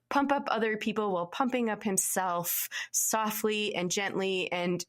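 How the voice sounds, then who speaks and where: A woman on a pop culture debate podcast, talking in a gentle, musing way with many filler ums. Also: mid-range voice. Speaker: podcast panelist.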